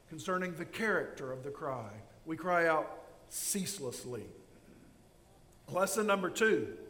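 A high-voiced male pastor delivers an earnest sermon that swells into impassioned outcries. His voice rings through a church sanctuary with a long, roomy echo. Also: sharp tone. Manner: earnest, rising to impassioned outcries when voicing prayers. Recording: echoey church hall.

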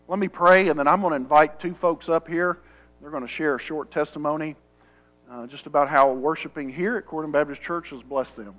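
A male pastor with a Southern US accent preaching a sermon and leading a prayer. He repeats phrases for emphasis and swings between raised, emphatic passages and hushed, prayerful ones. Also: on the high side, fairly quick, muffled recording. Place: church sanctuary.

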